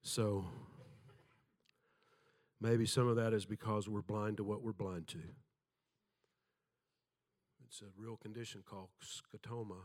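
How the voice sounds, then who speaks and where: A man's voice: on the low side, flat delivery, measured pace, pauses often, darkish tone. An older man preaching a sermon, telling folksy stories with self-deprecating humor and acting out the voices in them.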